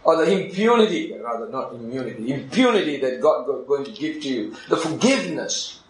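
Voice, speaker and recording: A pastor preaches an animated sermon, swinging from loud, soaring climbs down to near-whispers as he acts out conversations in non-native English grammar. His mid-range voice moves a little fast, and the rough recording sounds roomy.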